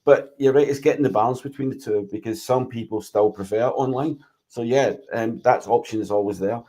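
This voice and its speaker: A man's voice: mid-range voice, fairly quick, dark tone. A man, a business coach talking earnestly in casual podcast chat. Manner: earnest, explanatory. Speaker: mindset and leadership coach.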